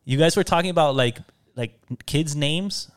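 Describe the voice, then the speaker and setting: A man's voice: a little high, normal speed, smooth. A man co-hosting a casual chat show, telling laid-back stories and laughing often. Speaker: podcast co-host.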